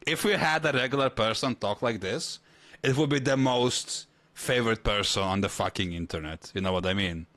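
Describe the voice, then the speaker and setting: Excitable low-voiced male streamer. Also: normal speed, no room sound. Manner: excitable, laughs often, rambling. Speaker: streamer reacting to a video. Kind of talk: casual reaction chat.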